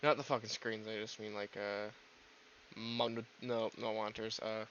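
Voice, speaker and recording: A man's voice: on the low side, level tone, normal speed, fairly bright tone, dull audio, slight background noise. A man chatting casually while streaming a video game, rambling and swearing often. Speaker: streamer, VTuber.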